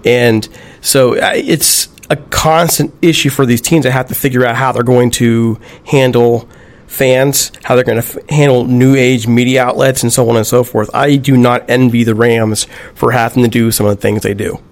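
A man's voice: medium pitch, steady tone, moderate pace. A man co-hosting a casual podcast, speaking thoughtfully with occasional stammered restarts. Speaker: podcast co-host. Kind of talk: casual chat.

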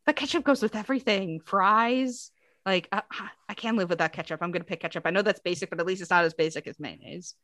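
An American woman co-hosting a podcast, chatting casually and reading quiz options out with lively rises. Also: medium pitch, quick pace, no room sound, studio quality. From United States. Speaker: podcast co-host. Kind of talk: casual chat.

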